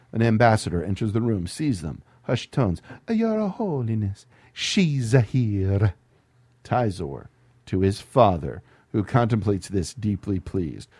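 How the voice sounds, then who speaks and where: A man's voice: low voice, darkish tone, slightly rough, no room sound. A man hosting a comedy show who reads a screenplay aloud, with wry asides and frequent laughter at the material. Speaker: podcast host reading a screenplay aloud. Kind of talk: comedic script read-through.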